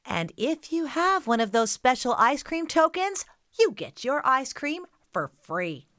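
A woman's voice: sits high, big pitch swings, a little slow, a bit bright. A woman hosting a children's show, giving upbeat scripted narration and speaking straight to young listeners.

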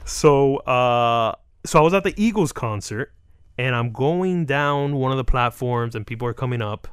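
Animated man telling comic stories. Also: mid-range voice, moderate pace, clean tone, no room sound, studio quality. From South Florida. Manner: animated, acts out quotes with laughs. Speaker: comedian guest. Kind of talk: casual interview storytelling.

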